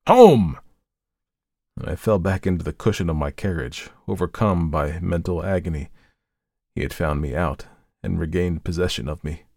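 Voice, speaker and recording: A man giving a dramatic first-person story reading, intense, swinging between hushed dread and anguished outbursts. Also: low-pitched, fairly even intonation, moderate pace, vocal fry, no echo, studio quality. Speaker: story reader.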